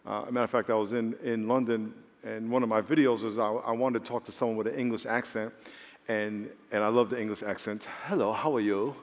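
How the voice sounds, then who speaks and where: The sound of a large church hall, with its long reverb, surrounds a pastor who tells stories and then builds to forceful points in his sermon. He speaks fast, his voice on the low side and level in tone.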